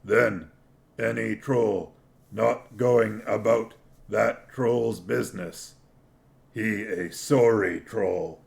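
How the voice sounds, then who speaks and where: A man reading aloud, voicing a slow, dim but stubborn male troll watchman with heavy broken grammar. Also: fairly low pitch, fairly even intonation, gravelly, heavily acted. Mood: stern.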